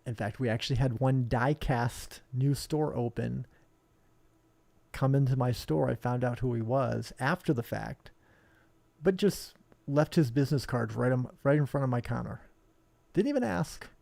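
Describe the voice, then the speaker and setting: A man's voice: mid-range voice, normal speed, gravelly, a little mellow, dry recording. A man who owns a hobby shop, talking bluntly and combatively in a rambling live stream. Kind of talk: live-streamed casual talk.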